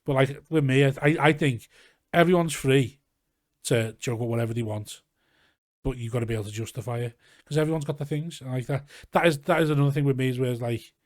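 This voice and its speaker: Fast-talking Scouse comedian, dry close sound. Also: male voice, mid-range voice, no room sound. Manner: rambling, animated storytelling with swearing. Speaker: comedian guest. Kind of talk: casual podcast chat. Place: garage.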